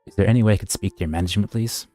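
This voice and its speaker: A man reading as a polite undercover agent who sounds careful and a bit hesitant. The voice is low and mellow. Faint music plays behind him. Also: racing, lightly acted. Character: undercover male corporate agent, polite, wary.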